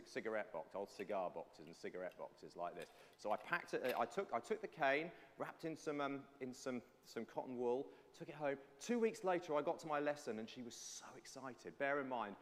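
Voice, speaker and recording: A man giving a lively children's talk in a church service, telling a personal story before the reading's lesson. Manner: animated storytelling, lively pitch. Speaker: preacher. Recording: hall reverb.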